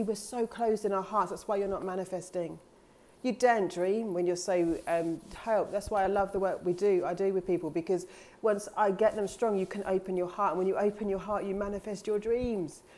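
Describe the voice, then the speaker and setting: A woman's voice: mid-range voice, darkish tone. Candid woman coach, earnest and swearing. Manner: acts out her own past thoughts in quoted asides. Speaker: life coach. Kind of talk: casual motivational monologue.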